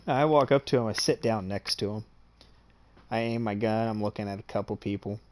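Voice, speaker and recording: Low-voiced man telling a boastful story. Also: brisk, a little mellow. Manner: swears freely, checks in with "okay?"; boastful and amused. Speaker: streamer. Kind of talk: casual storytelling.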